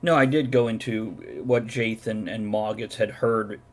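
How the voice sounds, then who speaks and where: A man's voice: on the low side, unhurried. A man running a tabletop game as game master, who explains the scene methodically and laughs often.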